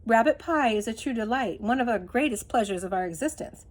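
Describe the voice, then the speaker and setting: A woman's voice: fairly high pitch, lively intonation, brisk. A woman reading aloud and voicing an enormous bearded man who speaks kindly and coaxingly to his dog. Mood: gentle, coaxing. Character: enormous bearded gentle male drifter.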